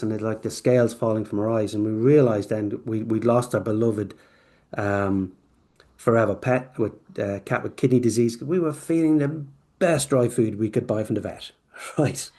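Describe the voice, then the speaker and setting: At a moderate pace and medium pitch, a male company founder spins a long, meandering story for a podcast interview. He brings it to life by acting out bits of conversation, though he restarts frequently and detours into asides.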